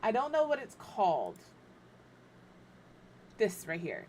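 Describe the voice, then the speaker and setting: A middle-aged woman streams herself building in a life-sim game from a room at home, talking with self-deprecating humor to her viewers and her cat. She speaks slowly in a medium-pitched, darkish voice whose pitch swoops wildly, with a little hiss or hum in the audio.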